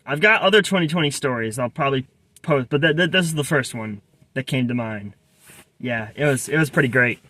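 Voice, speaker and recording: A man's voice: medium pitch, a little fast, bright, forceful tone, dry recording. A man casually telling a personal story, rambling with many restarts and asides. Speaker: vlogger.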